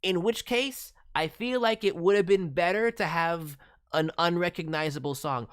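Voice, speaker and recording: Voice actor guy on stream, lively up and down voice, chatty and encouraging, lots of ums. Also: on the high side. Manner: chatty and encouraging, many fillers and quick asides. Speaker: voice actor and stream host reviewing demos. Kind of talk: casual livestream advice.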